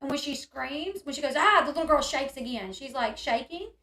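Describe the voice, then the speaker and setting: A woman's voice: sits high, brisk, a bit bright, echoey room. A woman hosting a live online discussion, reacting with indignation and answering viewers' comments. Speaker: channel host reading chat and commenting.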